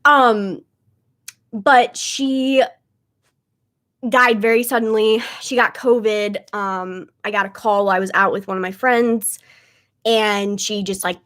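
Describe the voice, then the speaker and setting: A woman's voice: mid-range voice, steady tone, measured pace, fairly bright tone. A young woman hosting a casual livestream, talking in a chatty way with many fillers, holding back tears. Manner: chatty, lots of "like" and "um". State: tearful, on the verge of crying. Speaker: livestream host, tarot reader.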